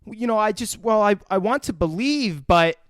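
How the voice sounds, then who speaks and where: A man's voice: high voice, animated, normal speed, fairly bright tone, no echo, voice pushed up. A man putting on the voice of a rowdy, cocky older homeless man with a put-on accent, mocking and swearing. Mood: taunting.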